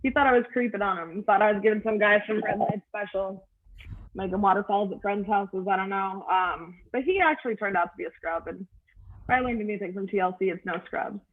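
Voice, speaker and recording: A woman's voice: mid-range voice, fairly quick. A middle-aged woman doing a stand-up comedy set over a video call, with a crude, offhand delivery. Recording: tinny phone-like video call audio.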